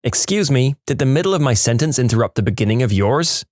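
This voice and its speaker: A man's voice: medium pitch, animated, quick pace, a little mellow, dry recording, studio quality, lightly acted. A man voicing a sarcastic little preschool boy who talks in a prim way. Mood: sassy.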